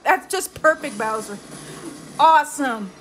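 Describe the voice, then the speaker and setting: A woman streamer giving excitable, exclamatory live reaction commentary. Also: high voice, measured pace.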